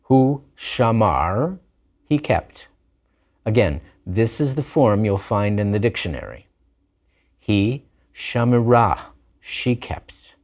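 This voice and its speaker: A man with a lowish voice teaches a grammar lesson at an unhurried, deliberate pace. He drills each form patiently and repeats examples so students can follow. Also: lively intonation, darkish tone. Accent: Israeli Hebrew pronunciation of Hebrew words. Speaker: language teacher.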